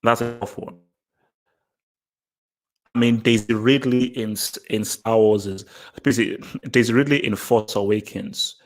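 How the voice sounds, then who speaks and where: A man's voice: on the low side, steady tone, unhurried, pauses often. Blunt, repetitive man ranting casually. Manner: blunt and emphatic, repeats himself, many fillers. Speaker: host answering viewer questions. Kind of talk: casual opinion talk to camera.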